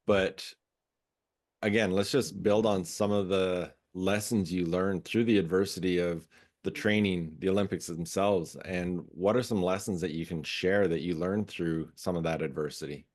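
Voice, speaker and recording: A man's voice: sits low, steady tone, normal speed, darkish tone. A man hosting a podcast, asking encouraging, slightly rambling interview questions. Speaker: podcast host.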